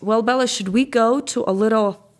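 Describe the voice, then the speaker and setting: A woman's voice: on the high side, normal speed. A woman hosting an interview, steering the conversation to the next topic. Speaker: host.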